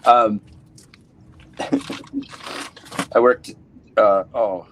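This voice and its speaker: A man's voice: fairly low pitch, steady tone, drawn-out words, fairly bright tone, a little hiss or hum, low-quality recording. A man, doing a rambling live stand-up set, cutting himself off and laughing at his own jokes. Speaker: stand-up comedian.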